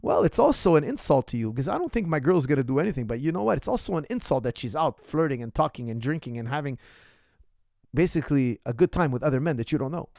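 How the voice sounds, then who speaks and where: A man's voice: mid-range voice, big pitch swings, fast talker, gravelly, a little mellow, no echo, studio quality. A man coaching in an ask-me-anything session, speaking bluntly and emphatically and repeating his points straight to the viewer. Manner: addresses the viewer directly. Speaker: martial arts coach.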